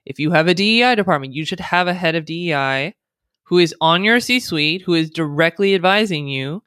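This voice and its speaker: Smooth-voiced American woman, sarcastic guest. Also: lowish voice, lively intonation, a bit bright, no echo, clean studio sound. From United States. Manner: sarcastic, chatty, quick to laugh. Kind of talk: casual podcast interview.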